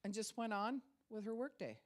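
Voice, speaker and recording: Middle-aged lady pastor preaching, chatty, acts out little quoted voices, mid pitch. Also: sing-song, moderate pace. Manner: conversational, acts out quoted voices, laughs often. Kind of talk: sermon.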